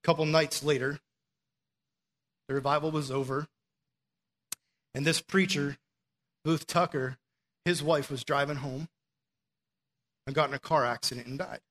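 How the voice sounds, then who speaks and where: A man preaching a sermon in a relaxed, conversational way, telling stories and often dropping in "like" as a filler. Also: fairly high pitch, unhurried, pauses often. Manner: conversational storytelling with frequent "like" fillers.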